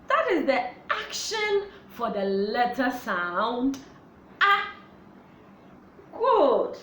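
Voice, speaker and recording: Woman teacher, high bouncy voice, super slow singsong for little kids, echoey room with a bit of noise. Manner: slow, sing-song, animated for young children. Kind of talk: children's phonics lesson.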